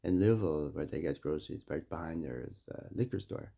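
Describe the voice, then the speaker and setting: A man from Saskatchewan, Canada, speaking directly to a mayor and making demands, with confrontational stories that swing between loud and quiet. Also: a bass voice, brisk, vocal fry. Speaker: First Nation community member addressing a mayor. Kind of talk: impassioned direct address and storytelling.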